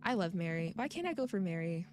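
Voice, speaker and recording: A woman's voice: on the low side, sing-song, quick pace, darkish tone, soft background music. A woman streamer chatting casually with her viewers and reading game text aloud, giggling often and rambling.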